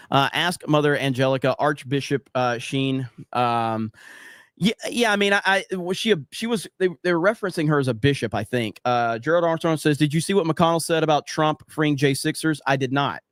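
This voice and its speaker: Man, podcast host, blunt and profane, rather high voice, dry close mic. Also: normal speed, dry recording. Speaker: podcast host reading live chat. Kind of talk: casual livestream chat and storytelling.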